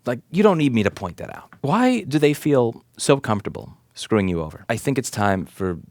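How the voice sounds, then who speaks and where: A man's voice: mid-range voice, big pitch swings, fairly quick, a little mellow, dry recording, clean studio sound. A man in his thirties, a repair shop owner and advocate, giving an impassioned, indignant rant to camera, firing off rhetorical questions and swearing for emphasis. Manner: rhetorical questions, hammering repetition. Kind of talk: direct-to-camera commentary rant.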